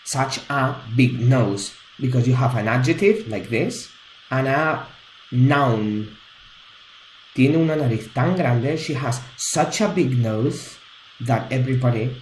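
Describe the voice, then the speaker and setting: A man's voice: medium pitch, slow, reverberant, slight background noise, poor audio. A man teaching an English grammar lesson, patiently explaining each point step by step.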